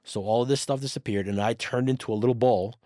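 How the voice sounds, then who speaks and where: A man telling a personal story in a casual podcast conversation, animated, swearing freely and acting out the dialogue. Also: medium pitch, fast talker, dry recording, studio quality. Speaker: podcast guest.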